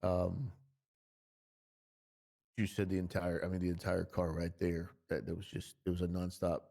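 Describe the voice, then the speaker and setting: Very deep, dark-voiced man in role-play. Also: little pitch movement, vocal fry. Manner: halting, many fillers, earnest. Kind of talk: in-character role-play chat.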